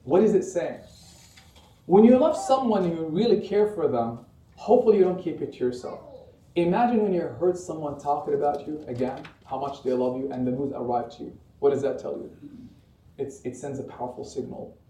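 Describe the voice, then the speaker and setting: A man gives a Friday sermon as imam, his high, soft-toned voice carrying through a roomy mosque hall. He is picked up from some distance, so the sound is airy and reverberant. He preaches with passion, rising and falling and leaning on rhetorical questions. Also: animated, brisk.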